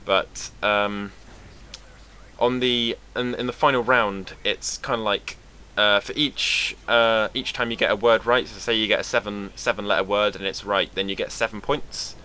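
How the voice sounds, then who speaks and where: A young British man from England talking to camera in a casual, rambling vlog, sarcastic and quick to swear. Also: on the low side, fairly even intonation, bright, forceful tone, smooth. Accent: British English. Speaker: vlogger.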